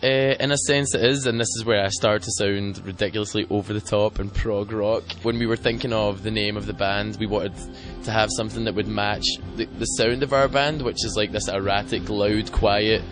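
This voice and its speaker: A musician with a fairly low voice who rambles and pokes fun at himself. Faint music drifts in behind him. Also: male voice, fairly even intonation, normal speed, hardly any pauses. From Scotland. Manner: self-deprecating, rambling. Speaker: band guitarist and singer. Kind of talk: casual interview answers.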